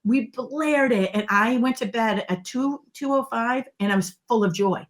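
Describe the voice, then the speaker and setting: A middle-aged woman guest on an interview show, explaining ideas and telling stories in a lively, emphatic way. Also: a little high, moderate pace. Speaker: guest, body language expert. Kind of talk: conversational interview.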